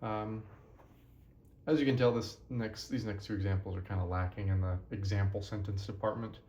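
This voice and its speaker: A man's voice: fairly low pitch, fairly even intonation, moderate pace, mellow, echoey room, muffled recording. A tired young man teaching a casual language lesson, rambling and correcting himself as he goes.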